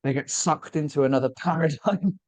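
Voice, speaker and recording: A man's voice: on the high side, normal speed. Man musing on a spiritual podcast. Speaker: podcast co-host. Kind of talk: casual spiritual podcast discussion.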